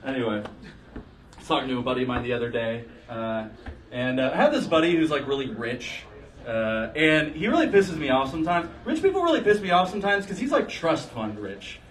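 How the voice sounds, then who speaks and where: A man's voice: mid-range voice, very animated, normal speed, a bit bright, distant mic. A young man doing a rambling, crude stand-up comedy set in a bar, often laughing at his own jokes. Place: bar stage with a live audience.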